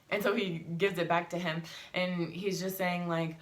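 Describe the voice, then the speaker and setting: A woman's voice: lowish voice, fairly even intonation, fairly quick, few pauses, a bit bright. A young adult woman, a mother vlogging, telling a story in a heated, emphatic way and swearing. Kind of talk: casual vlog storytelling.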